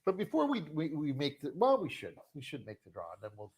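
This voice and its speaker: A man from Canada co-hosting a fishing show livestream, joking and offhand in casual chat, often trailing off quietly. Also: fairly high pitch, huge pitch swings, quick pace, slightly rough. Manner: joking, offhand, drifts quieter at the end of phrases.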